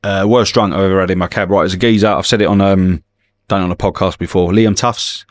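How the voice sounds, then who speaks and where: Sweary cabbie telling stories. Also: male voice, deep voice, steady tone, fast talker. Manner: swears often, slips into voices of passengers. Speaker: guest comedian and former cab driver. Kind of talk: storytelling anecdotes in a podcast interview.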